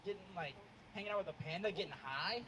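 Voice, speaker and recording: A young man doing a stand-up set outdoors, hesitant and deadpan, with many ums. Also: high voice, fast. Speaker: stand-up comedian. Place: outdoor show in the cold. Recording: noisy outdoor recording.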